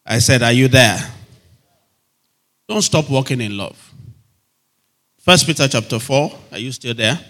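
A man's voice: medium pitch, animated, unhurried, pauses often, a bit bright. A man preaching a sermon, emphatic and repetitive, often checking whether his listeners are still with him. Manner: emphatic, repeats phrases, asks the audience if they are still there.

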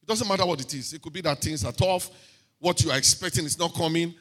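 A man with a Nigerian accent giving a sermon testimony in church, lively and sprinkled with hallelujahs and pidgin asides. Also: on the high side, fast talker. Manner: lively, punctuated by frequent hallelujahs and amens. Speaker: preacher sharing a testimony.

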